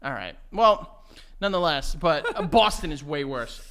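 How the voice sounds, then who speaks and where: Bright, lively young man, casual podcast. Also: on the high side, moderate pace. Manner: animated, profane, laughs often, breaks into mock accents. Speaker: podcast host. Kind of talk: casual chat.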